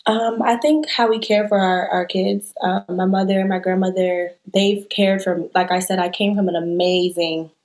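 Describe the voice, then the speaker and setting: A woman's voice: mid-range voice, steady tone, moderate pace, few pauses, a little mellow. A young woman, a guest in a casual interview, talking candidly and rambling with fillers and restarts.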